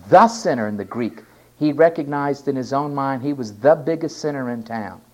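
Man, preacher, sermon, dramatic loud-to-soft swings, repeats phrases, mid pitch. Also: normal speed. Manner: dramatic swings from shouting to hushed near-whisper.

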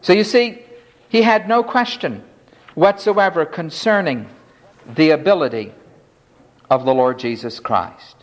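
A man preaching with a high, lively voice that rises and falls sharply. He speaks slowly and with emphasis, sometimes acting out the words of the people in the story. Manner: dramatic, voices the leper's pleas. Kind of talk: expository sermon.

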